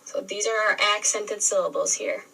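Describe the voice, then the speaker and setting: A woman teacher giving a recorded spelling lesson, sounding words out slowly and clearly syllable by syllable. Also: medium pitch, steady tone, bright, forceful tone. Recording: re-filmed video playback, distant sound.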